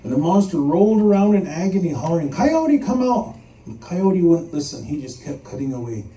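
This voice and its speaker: A man's voice: fairly high pitch, a little fast. Playful male storyteller in an echoey room. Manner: animated and playful, with chuckles. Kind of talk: live oral storytelling. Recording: echoey room, mic at a distance.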